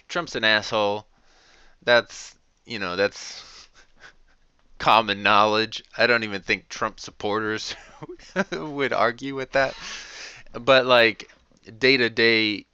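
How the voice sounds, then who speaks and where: A man's voice: deep voice, pushed and bright, clean tone, dry recording. A man hosting a podcast, venting in a rambling, profane, casual monologue full of fillers and short laughs. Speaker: podcast host. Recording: dull lo-fi recording.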